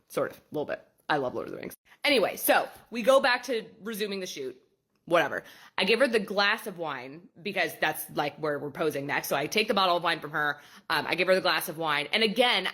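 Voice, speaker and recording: A young woman who runs a boudoir photography studio tells a story in a storytime vlog, bluntly and with plenty of swearing. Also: fairly low pitch. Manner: blunt and sweary, animated retelling.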